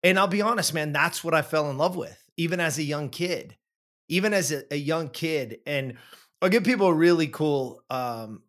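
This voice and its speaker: A man in his forties telling a personal story in casual chat, animated, repeating words and acting out what people said. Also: fairly high pitch, moderate pace.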